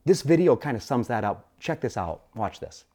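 A man preaching a sermon as pastor, talking through a story and building to impassioned, near-shouted declarations. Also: mid-range voice, animated, normal speed, slight background noise.

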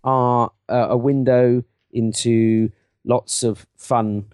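A man's voice: medium pitch, little pitch movement, slow, a little mellow, clean tone, no room sound, studio quality. A man with a West Country English accent co-hosting a podcast, chatting playfully and boasting jokingly. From England. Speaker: podcast co-host. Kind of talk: casual podcast banter.

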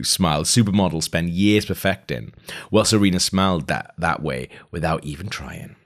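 A man's voice: deep voice, fairly quick. A man casually reading a novel aloud, chatty and amused, breaking off to react to the story. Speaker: reader of a novel. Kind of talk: casual read-aloud with asides.

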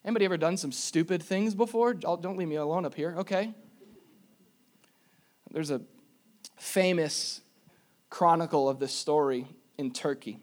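A man preaching a sermon in an animated way, with jokey asides and emphatic repetitions. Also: fairly high pitch, normal speed, long pauses. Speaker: pastor.

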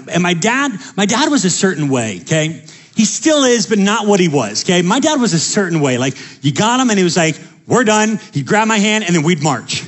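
A young man with a high voice preaches to his congregation. He tells quick, lively personal stories, then rises into fervent appeals. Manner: energetic storytelling, rising to preaching fervor. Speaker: pastor.

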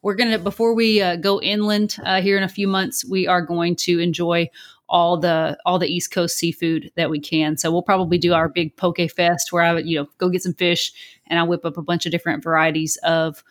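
A woman's voice: on the low side, flat delivery, brisk. A woman co-hosting a podcast, reading listener mail and chatting animatedly. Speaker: podcast co-host. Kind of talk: casual chat.

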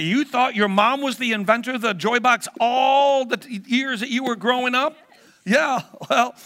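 A man's voice: very high-pitched, bright, forceful tone. A man in his sixties, a guest preacher leading a playful children's talk in a church, teasing the audience like a game-show host. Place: church hall.

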